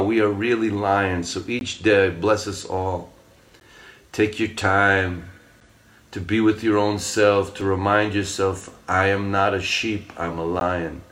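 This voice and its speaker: A man's voice: lowish voice, fairly bright tone. A man giving an earnest, rambling spiritual talk and telling a parable. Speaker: spiritual speaker.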